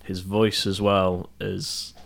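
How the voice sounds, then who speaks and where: A man chatting casually on a podcast, stammering and restarting, his voice trailing off quietly. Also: low-pitched, completely flat delivery, slow pace, creaky. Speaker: podcast guest. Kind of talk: casual chat.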